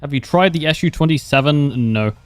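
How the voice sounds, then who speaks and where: A man's voice: on the high side, fairly quick, clear, resonant tone, dry recording. A young man livestreaming a game, chatting casually with wry humor, laughing often and answering viewers' questions. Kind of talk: casual gameplay commentary.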